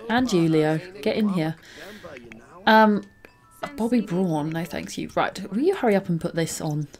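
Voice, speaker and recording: A young woman hosting a gaming channel chats casually through a life-simulation game, giggling often and cooing at cute moments. Her voice is lowish and darkish yet expressive, moving at a measured pace over soft background music.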